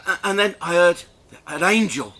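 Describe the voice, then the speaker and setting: A middle-aged man telling a crude, self-mocking anecdote in an animated way, laughing between lines. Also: sits high, moderate pace. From England. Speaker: comedian telling a story. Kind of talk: storytelling anecdote.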